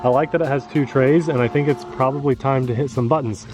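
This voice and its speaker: A man's voice: medium pitch, steady tone, quick pace, over music. Easygoing man hosting an outdoor hobby review. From rural United States. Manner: easygoing, chatty, jokey. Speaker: RC hobby channel host. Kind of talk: casual outdoor review chat. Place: outdoors by a pond, windy.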